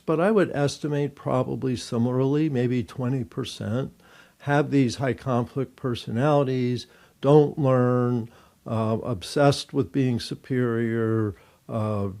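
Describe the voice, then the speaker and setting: An older man, a therapist and author, answers interview questions in a measured, explanatory way, thinking aloud as he goes. His voice is medium-pitched, steady and warm, with vocal fry.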